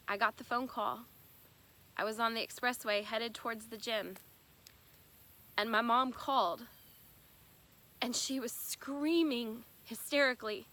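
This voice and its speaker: A young woman giving a personal testimony in an earnest, halting, emotional way. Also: on the high side, bright, forceful tone. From United States. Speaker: bereaved sister telling her story.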